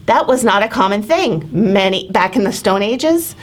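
Woman, new jersey accent, podcast co-host, chatty storyteller, middle pitch. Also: normal speed. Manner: storytelling, animated, laughs often. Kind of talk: casual chat.

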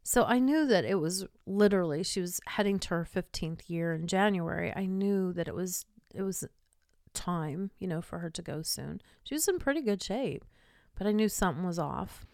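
A woman's voice: on the low side, expressive, normal speed, creaky, darkish tone, no room sound, clean studio sound. An older woman hosting a podcast, telling a personal story with feeling and sometimes dropping to a whisper. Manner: emotional, drops to whispers in tender moments. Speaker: podcast host.

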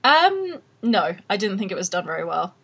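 A woman's voice: medium pitch, big pitch swings, moderate pace, fairly bright tone, husky. A woman with an Australian accent hosting a podcast in casual chat, blunt and opinionated, often laughing. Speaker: podcast host.

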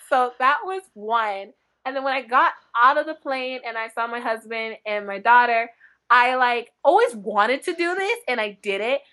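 A woman book blogger chatting as a podcast guest, telling lively stories with frequent laughter and acted-out quotes. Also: on the high side, normal speed. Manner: animated, laughing often, acts out quotes. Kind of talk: chatty podcast interview storytelling.

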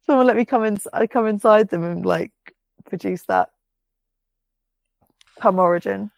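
A woman's voice: medium pitch, vocal fry, dry recording. A woman, co-hosting a podcast in casual chat, swearing freely and laughing often as she tells stories. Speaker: podcast co-host.

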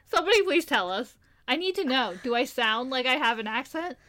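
A woman's voice: high voice, lively intonation, fairly quick, pushed and bright. A young woman from Maryland co-hosting a podcast, rambling and giggling through casual questions. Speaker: podcast co-host.

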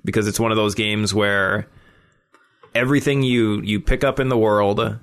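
A man's voice: lowish voice, steady tone, moderate pace, a bit bright, smooth. A man co-hosting a podcast, a streamer who explains things at length in easygoing casual chat.

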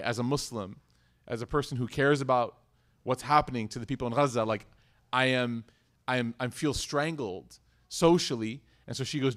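A man in his thirties giving a casual sermon at a mosque, teaching with personal stories, conversational asides and quick restarts. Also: mid-range voice, a bit bright. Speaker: imam teaching a weekly class.

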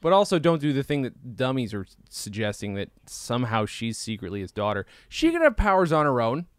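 A man's voice: medium pitch, big pitch swings, fairly quick, smooth, dry recording, clean studio sound. A man co-hosting a podcast, talking casually and sarcastically with strong opinions. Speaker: podcast co-host. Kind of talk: casual chat.

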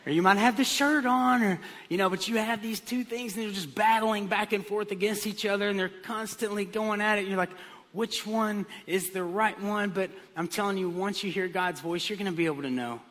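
A man's voice: high voice, fairly quick. A man pastor preaching a sermon, telling stories with comic voices. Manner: animated storytelling with comic voices. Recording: long hall reverb.

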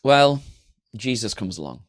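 A man preaching a sermon to an online congregation, animated and humorous, slipping into flat mock-bored voices. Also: mid-range voice, unhurried. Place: streamed church service.

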